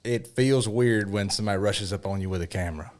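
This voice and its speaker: A fired-up man with a drawl, talking in casual podcast chat. His voice sits fairly low, and he cusses and punches his points with real emphasis. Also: fast talker. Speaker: custom motorcycle shop owner.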